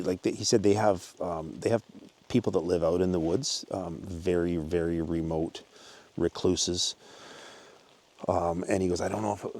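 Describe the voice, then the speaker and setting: A man's voice: sits low, darkish tone. A man hosting his own channel, casually retelling a story he was told, with lots of restarts and fillers. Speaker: channel host. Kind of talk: casual storytelling while hiking. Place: outdoors on a mountain hike.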